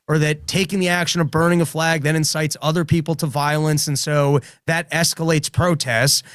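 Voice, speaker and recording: A man co-hosting a political talk show, reasoning through his point in a measured way. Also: a little high, a bit bright, dry recording, studio quality. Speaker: podcast co-host, comedian. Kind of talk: casual political commentary.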